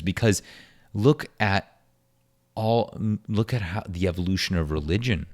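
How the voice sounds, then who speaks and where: A young man hosting a podcast, talking alone in an earnest, philosophical way with frequent restarts. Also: lowish voice. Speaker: podcast host. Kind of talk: reflective solo podcast monologue.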